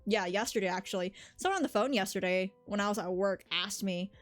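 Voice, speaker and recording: A woman's voice: mid-range voice, fairly quick, hardly any pauses, soft background music. Chatty woman with a slight Southern accent. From Southern United States. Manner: rambling, chatty, answers chat. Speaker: streamer. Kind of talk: casual live-stream chat.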